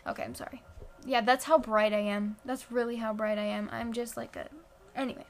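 A woman's voice: on the high side, level tone, fairly quick. A woman hosting her own podcast in rambling, self-deprecating casual chat, recorded on a phone while sitting on the floor at home. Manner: rambling, chatty, self-deprecating, many fillers. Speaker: podcast host.

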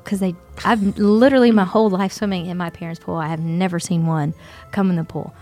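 A woman's voice: lowish voice, fairly even intonation, warm tone, soft background music. Chatty Texan woman, casual storytelling. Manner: chatty, quick reactions and gasps. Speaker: podcast co-host. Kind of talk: casual chat.

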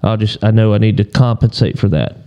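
A man on a podcast telling a hunting story in a relaxed, rambling way, often clearing his throat. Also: fairly low pitch, brisk, lo-fi sound. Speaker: podcast co-host.

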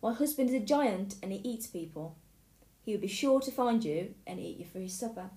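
A woman voicing the giant's wife in a storybook reading, exclaiming and sharp-tongued. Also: mid-range voice, animated, a little fast, natural voice. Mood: fearful. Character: anxious, scolding wife of a giant. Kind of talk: storybook read-aloud. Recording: echoey room.

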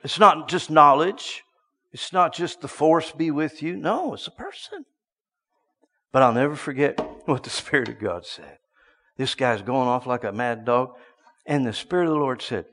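A man preaching a sermon, telling a story and swinging from hushed asides to loud bursts. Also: medium pitch, animated, normal speed, in a large hall.

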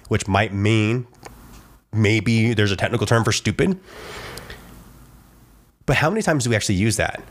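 A man's voice: lowish voice, a bit bright. A middle-aged man hosting a solo podcast, talking in a reflective, conversational way with frequent asides. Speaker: podcast host. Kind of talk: casual solo podcast talk.

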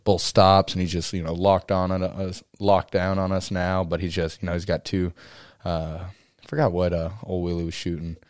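A man's voice: low-pitched, little pitch movement, normal speed, darkish tone, no room sound, clean studio sound. A young man co-hosting a podcast, telling a long story in a rambling, casual way with lots of "you know" and "uh". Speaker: podcast co-host.

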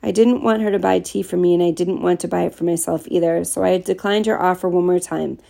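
Low, gravelly woman reading a story. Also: fairly even intonation, a little fast, mellow. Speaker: audiobook narrator. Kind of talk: first-person story narration.

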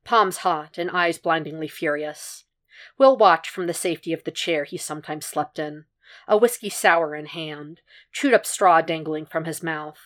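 A woman reading a fan fiction story aloud as a podfic narrator, in a measured, even storytelling manner. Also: low-pitched. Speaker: podfic reader.

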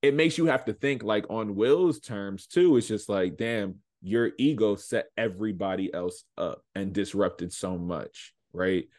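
A man with a fairly low voice in a relaxed podcast conversation. He thinks things through out loud and now and then jumps up into a playful quote. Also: unhurried, few pauses. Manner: reflective, lets out playful quoted asides. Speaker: podcast co-host. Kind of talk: casual recap chat.

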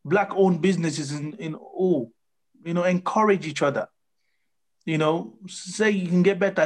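A man's voice: on the high side, darkish tone. A man speaking as a panel guest in a casual discussion, earnest and full of "you know" fillers.

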